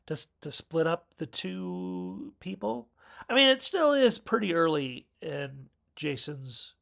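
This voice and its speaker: A man's voice: on the high side, vocal fry, a bit bright. A man giving a casual film review, rambling, correcting himself and chuckling as he goes. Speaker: movie reviewer.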